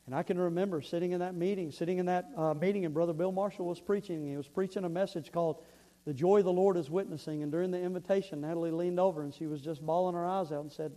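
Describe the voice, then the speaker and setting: Preacher guy, high voice, earnest sermon, tells stories, stumbles and repeats words. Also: steady tone, quick pace, mellow, low-quality recording. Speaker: pastor.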